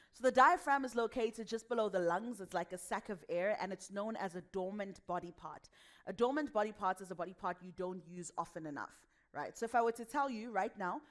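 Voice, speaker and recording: A young adult woman with a West African accent leads a lively workshop on voice and speaking. She talks with energy and laughs often. She acts out the voices of the people she quotes. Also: fairly low pitch. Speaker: voice and speaking coach.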